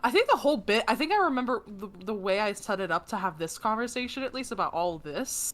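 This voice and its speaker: A woman at a tabletop game, talking casually and rambling from thought to thought. She laughs often, and her voice sits at a middling pitch. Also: expressive, fast, a bit bright. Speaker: player. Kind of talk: casual chat.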